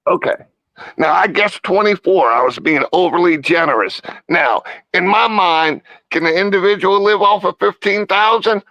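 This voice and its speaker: A man's voice: high-pitched, normal speed, pushed and bright, dry recording, highs cut off. A man debating on a live stream, rambling in a folksy way with casual swearing. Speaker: debate guest.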